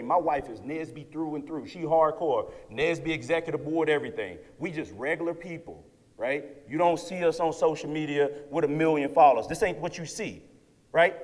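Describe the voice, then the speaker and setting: A man in his thirties giving an energetic motivational keynote to students, often checking in with "right?". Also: fairly high pitch, brisk. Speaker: keynote speaker. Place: lecture hall with audience. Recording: long hall reverb.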